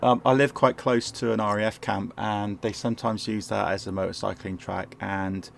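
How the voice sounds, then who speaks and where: Croaky-voiced man narrating his game. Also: fairly low pitch, fairly even intonation, normal speed, slight background noise. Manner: rambling, self-correcting, chuckles often. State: sore throat, croaky. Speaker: gameplay commentator. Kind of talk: casual game walkthrough commentary. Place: home, indoors.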